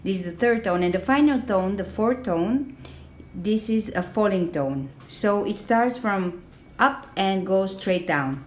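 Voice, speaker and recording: A woman teaching a podcast language lesson, talking slowly and carefully with many fillers and modelling sounds aloud. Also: medium pitch, lively intonation, darkish tone, slight background noise.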